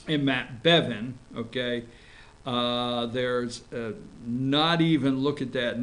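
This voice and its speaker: A man from North Georgia, hosting a live online morning show in an excitable, rambling, emphatic way. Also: mid-range voice. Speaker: host.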